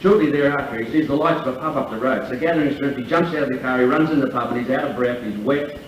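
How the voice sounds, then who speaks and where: This man is the lunch MC, joking and storytelling his way through a long tall tale peppered with swearing. Medium in pitch and fast, his voice comes from far away in an echoey, dull function room with slight background noise.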